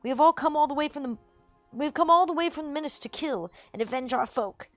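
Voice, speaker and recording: A woman reading aloud, voicing an impatient, bloodthirsty male orc soldier who talks loud and quarrelsome. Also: high-pitched, quick pace, no room sound, soft background music, voice pushed up. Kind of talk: reading a book aloud on a livestream.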